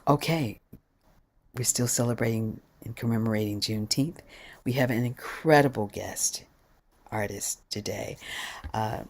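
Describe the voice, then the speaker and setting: A woman's voice: rumbling low, a little slow, pauses often. A woman leading an online sing-along on a video call, upbeat and chatty, greeting participants one by one. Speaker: song leader.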